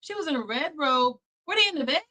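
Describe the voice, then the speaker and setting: A woman's voice: high-pitched, animated, fast, pushed and bright. A woman in her thirties doing casual commentary, brash, profane and emphatic.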